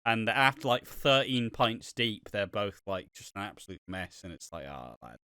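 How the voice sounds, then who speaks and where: A man's voice: fairly low pitch, moderate pace, sharp tone, clean tone, no echo, clean studio sound. A man co-hosting a podcast in casual chat, candid and offhand with frequent swearing. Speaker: podcast co-host.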